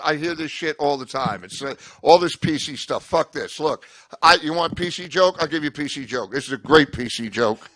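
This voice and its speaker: An older man working through a loose, profane stand-up set into a stage mic. His voice is bright and a touch high for a man. The sound is close and dry. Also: no room sound. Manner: rambling, profane, self-interrupting. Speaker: stand-up comedian.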